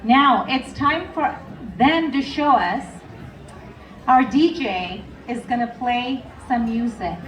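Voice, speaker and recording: A woman's voice: fairly high pitch, slow, slight background noise. A woman emceeing a live contest in a bar, with upbeat, playful banter. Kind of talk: live event hosting. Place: crowded bar venue. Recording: echoey crowded room from far off.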